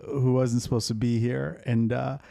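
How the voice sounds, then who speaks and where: A Chicago man hosts a podcast with blunt, profane, dry humor. His voice is gravelly and fry-laden at a middling pitch. The sound is dry and close, with no room around it. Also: little pitch movement, moderate pace, mellow, no room sound. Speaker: podcast host. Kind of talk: casual podcast chat.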